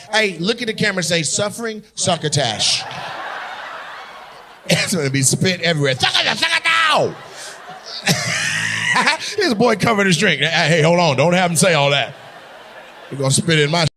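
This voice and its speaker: A male stand-up comedian doing loud, teasing crowd work, often laughing as he talks. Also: a little high, normal speed, pauses often.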